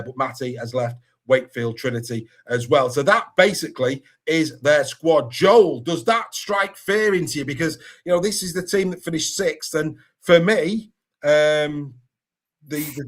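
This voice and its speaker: A man's voice: on the high side, a little slow, fairly bright tone. A man hosting a rugby league podcast, chatty and enthusiastic as he reads through a squad list. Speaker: podcast host. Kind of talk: casual sports podcast chat.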